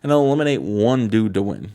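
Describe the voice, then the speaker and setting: A man's voice: lowish voice, big pitch swings, brisk, warm tone. A man hosting a casual game commentary, rambling and playful, swearing and addressing his co-host often. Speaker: gaming channel host. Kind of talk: casual let's-play commentary.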